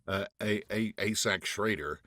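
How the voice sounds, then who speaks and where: A man from France, a guest actor, telling animated stories in an interview, acting out quotes with restarts along the way. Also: fairly low pitch, a little slow, no echo, clean studio sound. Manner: animated anecdotes, acts out quotes, frequent restarts. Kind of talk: casual interview storytelling.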